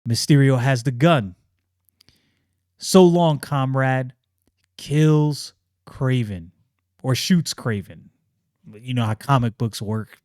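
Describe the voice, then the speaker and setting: A man hosting a casual comic book review, excitable and slangy, often restarting his sentences. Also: medium pitch, slow, no echo, clean studio sound.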